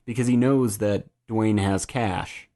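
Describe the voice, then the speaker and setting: A man's voice: fairly low pitch, steady tone, takes it slowly, warm tone. A man hosting a casual podcast chat, steering the recap and quizzing his co-hosts. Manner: leads the recap, prompting co-hosts with questions. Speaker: podcast host.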